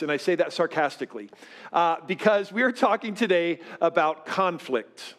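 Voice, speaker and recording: A man's voice: high voice, expressive, moderate pace, fairly bright tone. A man of fifty preaching a sermon as pastor to his church, talking in a loose, self-deprecating way with many fillers. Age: 50s. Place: church sanctuary with live congregation.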